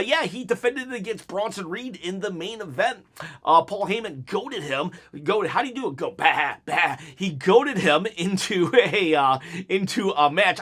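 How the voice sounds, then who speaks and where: A man's voice: sits high, fairly bright tone. A man giving an unscripted one-take review of a wrestling episode, rambling and joking as he goes off on tangents.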